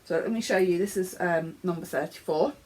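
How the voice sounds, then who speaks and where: English woman chatting about her knitting, bit snuffly, lowish voice, rambles with lots of ums. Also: a little fast, mellow. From England. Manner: chatty, rambling, with fillers and little laughs. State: snuffly, coughing. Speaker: knitting podcast host. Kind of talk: casual show-and-tell chat. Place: home office, indoors.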